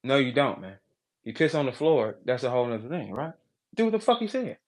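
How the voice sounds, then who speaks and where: A man ranting crudely and loudly in a casual talk, profane and joking. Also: medium pitch, sing-song, fairly quick. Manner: loud, profane, jokey. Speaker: battle rapper on a live audio chat.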